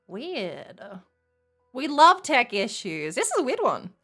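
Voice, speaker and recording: A woman's voice: a little high, very animated, slow pace, a bit bright, faint music behind. Chatty woman with a mild Australian accent. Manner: chatty, laughs often, talks to chat while fixing tech. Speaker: streamer. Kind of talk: casual live-stream chat.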